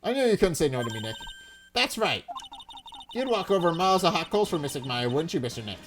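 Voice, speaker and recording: A man's voice: fairly high pitch, sing-song, fairly quick, fairly bright tone, soft background music. A man voicing a cheeky, playful teenage girl spirit medium in a game, perky and teasing.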